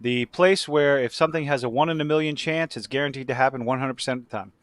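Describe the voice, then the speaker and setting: A man's voice: medium pitch, fast talker, no room sound. A man hosting a casual podcast chat, talking loosely and profanely, with many restarts and tangents. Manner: profane, rambling with frequent restarts. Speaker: podcast host; work supervisor who takes many calls.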